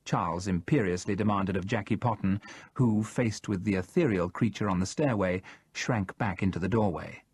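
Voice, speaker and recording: A man narrating a first-person thriller audiobook in a steady, measured way, read close to the mic. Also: lowish voice, husky, dry recording.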